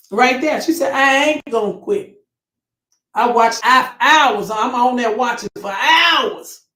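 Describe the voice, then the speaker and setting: In a low-quality recording from an echoey room, a slightly high-voiced woman reads through viewer comments on her casual commentary channel. She reacts in an emphatic, preachy way and exclaims to the Lord.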